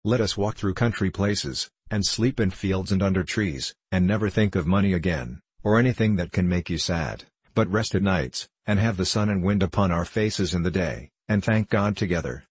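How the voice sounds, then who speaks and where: A man voicing a devoted young girl who pleads earnestly with her grandfather, in his own husky voice. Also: deep voice, moderate pace, hardly any pauses.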